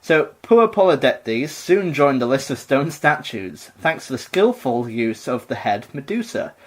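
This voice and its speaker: A man's voice: mid-range voice, big pitch swings, unhurried. A man co-hosting a podcast, retelling a myth in a rambling, jokey way with lots of fillers. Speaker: podcast co-host. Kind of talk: casual comedic myth retelling.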